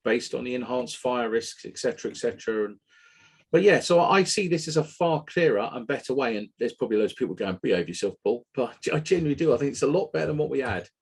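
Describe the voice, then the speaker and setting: A man hosting a technical webinar, talking in an animated, opinionated way and sometimes swearing. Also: mid-range voice, fast talker, slightly rough. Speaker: webinar host. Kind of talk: casual technical webinar talk.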